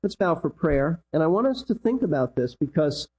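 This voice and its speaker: Male pastor, emphatic sermon delivery, husky and mellow, repeats for emphasis. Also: big pitch swings, moderate pace, highs cut off. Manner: emphatic preaching, repeats key lines, pitch swings.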